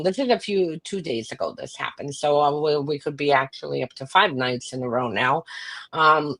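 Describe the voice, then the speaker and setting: A woman co-hosting a political podcast, talking quickly in an exasperated way with frequent asides. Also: deep voice, no room sound. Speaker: podcast co-host. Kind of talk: casual political podcast chat.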